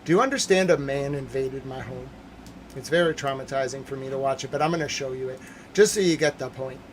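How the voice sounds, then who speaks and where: A man hosting a livestream news commentary, hoarse from yelling, ranting loudly and repetitively, swinging between shouts and mutters. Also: mid-range voice, fairly quick, slight background noise.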